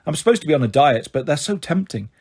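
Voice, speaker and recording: A man's voice: on the high side, sing-song, quick pace, a little mellow, husky. A man voicing a kind, soothing teacher woman with a dry sense of humour. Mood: kindly. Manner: soothing and dryly humorous.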